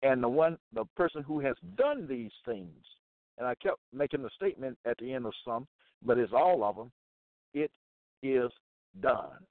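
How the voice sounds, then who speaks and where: Guy preaching bible verses slow and emphatic, sounds like over a phone, dead dry. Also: mid-range voice, big pitch swings, no room sound, narrow, tinny audio. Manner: repetitive, emphatic, deliberate. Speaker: Bible teacher.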